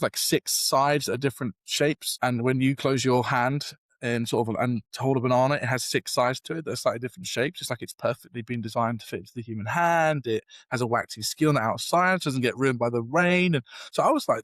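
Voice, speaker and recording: Young British man, podcast guest, animated anecdote, mid pitch, dry close mic. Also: no echo. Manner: animated, self-deprecating storyteller with many fillers. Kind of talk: storytelling in a podcast interview.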